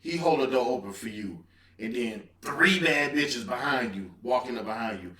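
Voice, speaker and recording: Playful man with lively pitch, echoey room. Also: normal speed. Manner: playful, jokey, teasing. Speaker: podcast co-host. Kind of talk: casual chat. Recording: echoey room, mic at a distance, faint noise.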